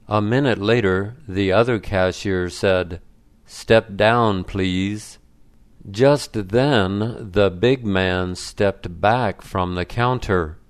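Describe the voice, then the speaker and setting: A man reading a short story aloud in a slow, deliberate manner. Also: fairly low pitch, clear, resonant tone. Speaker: story reader. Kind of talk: scripted narration.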